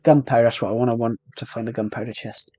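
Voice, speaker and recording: A man's voice: mid-range voice, steady tone, quick pace, dark tone, faint music behind. A man with a British accent chatting casually to viewers while livestreaming a game, rambling and talking to himself as he plays. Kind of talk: casual gameplay livestream chat.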